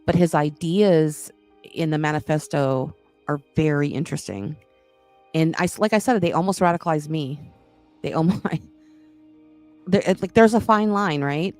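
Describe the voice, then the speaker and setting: Low-voiced woman hosting a chatty podcast. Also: measured pace, long pauses, darkish tone, faint music behind. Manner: rambling, frank, self-interrupting. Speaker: podcast host. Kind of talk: casual chat.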